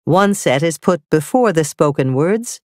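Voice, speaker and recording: A woman narrating a scripted grammar lesson, reading slowly and carefully with clearly spelled-out examples. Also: low-pitched, animated, darkish tone, dry recording, clean studio sound. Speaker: teacher.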